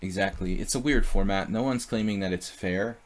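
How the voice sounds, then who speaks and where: Low-voiced man thinking aloud over chess. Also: brisk. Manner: thinks aloud about moves and chats with viewers. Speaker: chess streamer. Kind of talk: live chess commentary.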